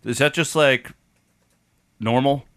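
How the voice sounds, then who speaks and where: A man co-hosting a casual podcast chat, asking questions and dropping deadpan jokes. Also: medium pitch, slow pace. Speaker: podcast co-host.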